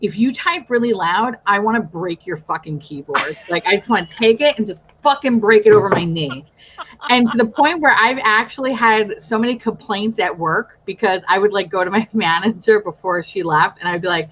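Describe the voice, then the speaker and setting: A woman's voice: medium pitch, lively intonation, fairly bright tone, a little hiss or hum. A young woman hosting a casual chat, telling stories with lots of swearing and frequent laughter. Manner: profane, laughs often, quick storytelling. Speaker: podcast host. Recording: slightly dull lo-fi audio.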